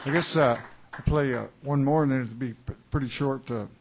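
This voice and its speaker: Gravelly-voiced man in rambling stage banter. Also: medium pitch, background noise. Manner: rambling, halting, many pauses and fillers; wry, chuckling joke-teller. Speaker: singer-songwriter performing live. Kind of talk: onstage banter between songs. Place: small live music club.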